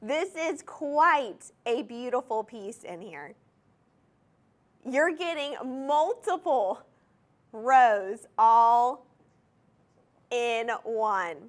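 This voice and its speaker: Bubbly, lively-voiced shopping host woman. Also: a little high, drawn-out words, pauses often. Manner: gushing, enthusiastic, addresses viewers directly; repeats item numbers and key phrases for emphasis. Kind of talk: live TV jewelry sales pitch. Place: TV studio.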